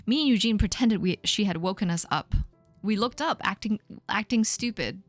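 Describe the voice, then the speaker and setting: Lively woman reading her fanfic aloud. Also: a little slow, faint music behind. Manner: self-mocking, laughing, jumps into squeaky sound effects and voices. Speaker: streamer. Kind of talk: reading her old fan fiction aloud. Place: home streaming setup.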